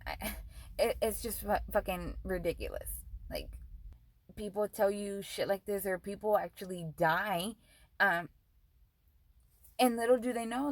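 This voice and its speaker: A woman's voice: mid-range voice, poor audio. A young woman vlogger telling a storytime rant, profane and heated, switching between English and Spanish.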